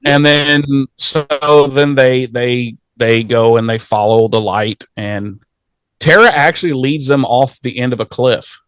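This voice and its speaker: A man's voice: medium pitch, measured pace, clean tone, no echo. A man in casual podcast chat, rambling through a recap with plenty of swearing. His voice sits mid-range and sounds close and dry, with no room around it. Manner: profane, rambling, acts out characters in goofy voices. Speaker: podcast co-host.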